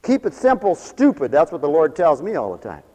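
Older preacher, high lively folksy voice. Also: male voice, fairly quick, long reverb tail. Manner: folksy, humorous storytelling with acted quotes. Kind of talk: sermon.

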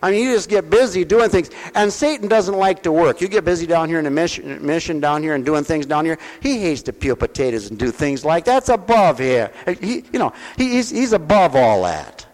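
A man's voice: fairly high pitch, very animated, fairly quick, few pauses. Folksy man preaching in an echoing hall. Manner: folksy, talks directly to listeners with questions; swings between loud preaching and soft intimate talk. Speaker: preacher at a mission. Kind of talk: sermon. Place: mission hall.

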